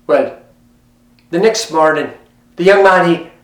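A man's voice: high voice, normal speed. A man telling a folk tale in a lilting, conversational way, talking straight to the listener. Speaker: storyteller. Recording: roomy, mic at a distance.

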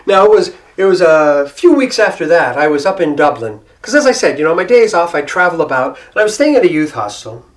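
Middle-aged man, American accent, storyteller, rambling asides, fairly high voice. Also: big pitch swings, a little fast, hardly any pauses. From Ohio, United States. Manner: rambling, with frequent restarts and asides. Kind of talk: casual personal storytelling.

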